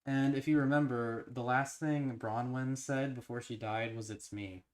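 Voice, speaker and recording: Speaking at a normal speed and medium pitch, a man reads an interactive horror novel to his livestream audience. Now and then he fumbles a word and goes back over it before excitedly theorizing about the story.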